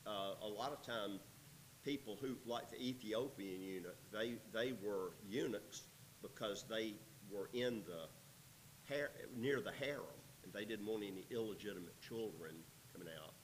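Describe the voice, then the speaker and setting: A man's voice: fairly low pitch, normal speed, slight background noise, poor audio. A man teaching through a Bible passage, reading verses aloud and then explaining them in an easygoing, conversational way.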